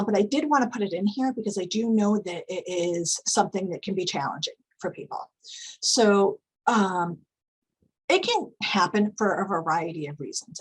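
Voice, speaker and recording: A woman giving a calm, instructive conference presentation, explaining behaviour strategies with frequent fillers. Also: medium pitch, husky, poor audio. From United States.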